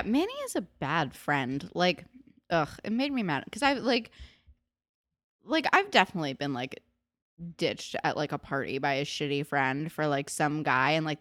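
A woman with a low voice co-hosting a casual podcast recap. Her talk is loose and full of filler words, and she slows down for emphasis. The sound is close and dry. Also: fairly bright tone, dry recording. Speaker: podcast co-host.

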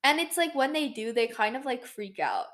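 A teenage woman co-hosting a podcast in casual chat, talking fast with lots of fillers and restarts. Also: fairly high pitch, very animated, a bit bright. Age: teens. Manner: chatty, many "like" fillers and restarts. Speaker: podcast co-host.

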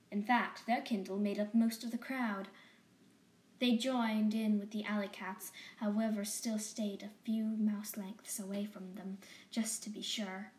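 Gentle female bedtime storyteller, unhurried, slipping into whispers; roomy echo. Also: medium pitch, level tone. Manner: slow, gentle, dropping to whispers.

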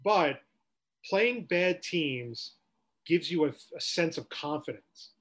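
A man's voice: a little high, animated, slow, a bit bright. A man co-hosting a sports podcast, ranting with rhetorical questions in casual talk.

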